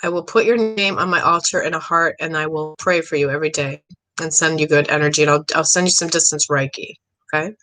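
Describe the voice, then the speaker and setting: Woman, middle-aged, psychic live-stream host, bright forceful tone, rambling excitable chatter. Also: deep voice, fast, poor audio. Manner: chatty, rambling, excitable, frequent throat clearing.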